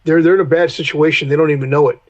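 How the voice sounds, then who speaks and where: A middle-aged man tells hard-edged stories as a podcast guest. He speaks bluntly, swears freely and acts out heated run-ins in a voice that sits a little high for a man. The sound is dull and lo-fi. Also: fairly even intonation, racing. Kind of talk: candid storytelling interview.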